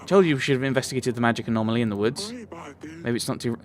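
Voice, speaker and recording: A man narrating a game playthrough at a middle pitch, thinking aloud as he goes. His asides are wry and a little puzzled, and a faint background noise sits under his voice. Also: racing. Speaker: let's play host.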